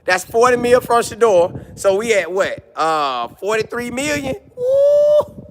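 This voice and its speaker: A man streams live in a high-pitched, unhurried voice over slight background noise. Reading viewer comments, he riffs with jokes, repeats lines, and puts on mock voices in an animated way.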